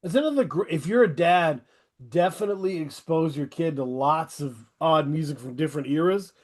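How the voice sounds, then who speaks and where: A middle-aged male podcast host talks with a fairly high voice. He is loose and rambling and eagerly pushes new music on his guests in a casual interview chat. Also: moderate pace, darkish tone. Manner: enthusiastic, rambling recommendations.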